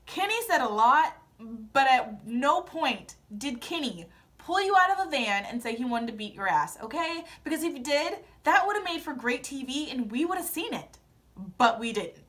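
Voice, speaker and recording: A woman vlogger giving a casual, gossipy recap of a TV episode and telling it with animated storytelling. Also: high-pitched, moderate pace.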